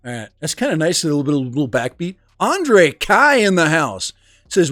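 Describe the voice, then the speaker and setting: A man's voice: on the high side, big pitch swings, moderate pace, a bit bright, no echo. Chatty man hosting a livestream. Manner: rambling, laughs often, talks to chat. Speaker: livestream host and teacher. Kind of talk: casual livestream chat reading comments. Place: home room. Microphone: desk microphone. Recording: dry close sound with music behind.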